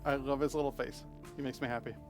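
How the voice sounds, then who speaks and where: A man's voice: medium pitch, little pitch movement, fast, over music. A man live-streaming a video game, chatting playfully with viewers and cooing at the creatures on screen. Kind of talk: casual live-stream chat while playing.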